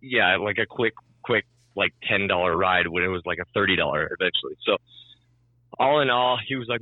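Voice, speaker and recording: A man's voice: on the low side, fairly quick, no room sound, narrow, tinny audio. A young man telling a story in casual chat, swearing freely and acting out both sides of the conversation. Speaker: storyteller on a podcast.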